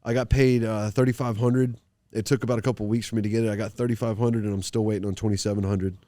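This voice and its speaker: A man in casual conversation, telling a story loudly and with energy, acting out the other people in it. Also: fairly low pitch, fast talker, no echo. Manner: animated, loud when quoting himself. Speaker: podcast guest, fighter. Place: gym mats.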